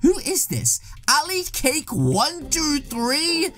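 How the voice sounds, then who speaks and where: A woman hosting an excited gameplay commentary video, dramatic and excitable, reacting with exaggerated shock. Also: high-pitched, slow pace. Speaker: gaming video host.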